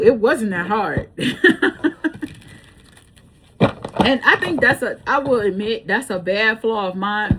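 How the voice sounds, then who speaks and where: A woman's voice: fairly high pitch, a bit bright, slight background noise. Blunt, profane woman telling a story. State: breathing hard. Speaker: tarot reader. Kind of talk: casual storytelling chat.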